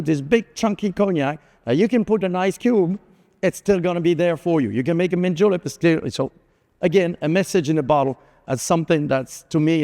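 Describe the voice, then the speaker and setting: A man's voice: on the high side, darkish tone. A middle-aged man giving a conference keynote, telling anecdotes in a chatty way with lots of fillers. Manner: anecdotal, conversational, with frequent fillers. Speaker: keynote speaker. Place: large conference hall. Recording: reverberant hall.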